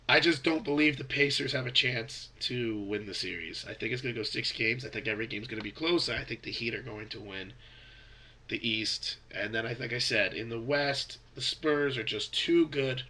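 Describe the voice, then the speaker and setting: A man's voice: mid-range voice, sharp tone. A young man with a stuffy, congested voice from a cold, giving rambling, opinionated basketball predictions in a casual vlog. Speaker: basketball fan vlogger. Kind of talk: casual sports commentary vlog.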